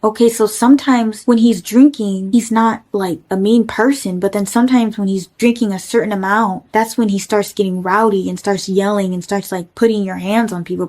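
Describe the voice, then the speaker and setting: A woman's voice: mid-range voice, a little mellow. A young woman casually telling a personal story, rambling and filling her talk with "like". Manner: rambling, many "like" fillers.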